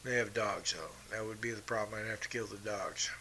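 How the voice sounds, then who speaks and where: A middle-aged man tells a story on his own podcast, blunt and full of swearing. His voice is sharp and tense, with a faint hiss behind it. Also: lowish voice, fairly even intonation, brisk. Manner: blunt, profane, combative. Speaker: podcast host. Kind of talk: casual storytelling monologue.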